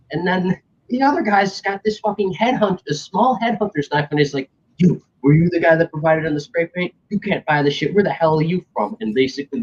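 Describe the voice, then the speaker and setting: A man's voice: fairly high pitch, slightly rough. A young man telling a story in casual chat, acting out other people's lines and swearing freely. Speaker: stream host telling a story. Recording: dull lo-fi stream audio.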